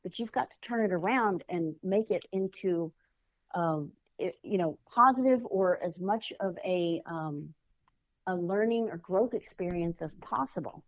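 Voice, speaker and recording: A woman talks through a story in an easy, casual way and jumps into the voices of the people she quotes. Her delivery is animated and expressive. The recording is dry and a little muffled, like remote call audio. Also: lowish voice, measured pace, dry recording. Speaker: guest, children's author and life coach. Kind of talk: casual interview chat.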